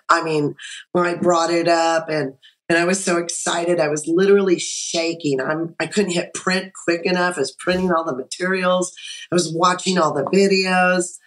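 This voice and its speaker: A woman's voice: fairly low pitch, low-quality recording. A middle-aged woman, a guest on a video call, telling her own story with feeling and acting out her own past words. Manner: animated, emotional, acts out her own quotes. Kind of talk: casual storytelling.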